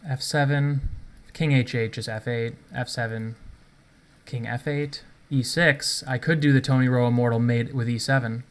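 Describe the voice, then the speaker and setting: A man's voice: medium pitch, steady tone, normal speed. A man casually commenting on his own chess game, thinking aloud and chuckling at himself, recorded at home in his apartment. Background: faint rain noise.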